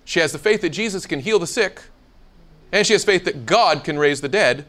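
A man with a somewhat high voice leads a Bible seminar before a live audience at a moderate pace. He's animated, asking the room questions and acting out the lines he quotes.

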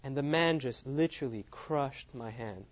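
A man's voice: mid-range voice, normal speed. A man giving a sermon as he tells a personal story, laughing often at his own lines. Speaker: preacher. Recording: dull lo-fi sound.

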